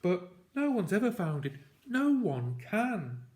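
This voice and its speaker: A man's voice: very animated, takes it slowly, a little mellow, exaggerated voice. A man reading a storybook aloud, voicing a frightened young boy who asks urgent, pleading questions. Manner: high, urgent and breathless questioning.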